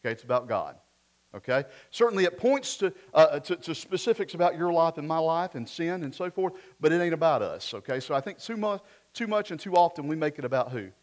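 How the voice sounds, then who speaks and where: A pastor with a drawl delivers a sermon in a slightly higher-than-usual voice. He talks with the congregation, tossing out rhetorical questions. His delivery swings from loud emphatic bursts down to quiet, almost muttered asides. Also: lively intonation, brisk.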